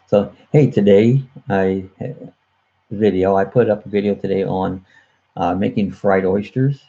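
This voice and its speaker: A man with a deep, mellow, slightly rough voice and vocal fry hosts a casual live chat on his own channel, captured in dull audio from a computer webcam mic. He rambles, chuckling often, with plenty of uh fillers and restarts.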